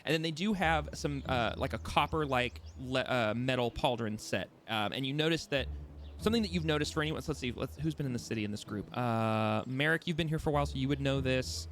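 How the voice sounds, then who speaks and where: A man's voice: medium pitch, brisk, a bit bright, a little hiss or hum. Hesitant man narrating as game master. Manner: hesitant, many ums and restarts, descriptive.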